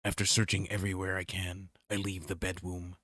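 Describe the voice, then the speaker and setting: A man's voice: deep voice, level tone, fairly quick, a bit bright, no room sound, studio quality. A man streaming a horror visual novel, reading it aloud with playful joking asides. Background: game music.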